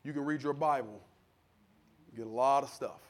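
A man preaching a sermon in a conversational style, acting out the people in his stories and building to loud, fervent peaks. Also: medium pitch, normal speed. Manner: conversational preaching, acts out quoted voices, builds to shouting. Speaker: pastor.

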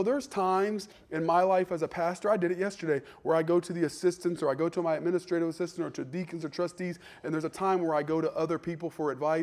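Preaching to his church congregation, this pastor speaks in a slightly high voice. He is lively, dropping into soft asides and playing out different voices.

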